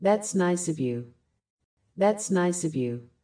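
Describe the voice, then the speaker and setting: A woman slowly and clearly reading short English phrases for learners, saying each one twice. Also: on the low side, lively intonation, warm tone.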